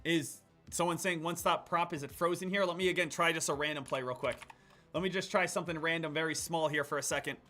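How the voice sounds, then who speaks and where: A man giving live day-trading commentary, excitable, jumping between loud hype and quiet muttering. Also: on the high side, fast, soft background music. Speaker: day trader streaming his trades.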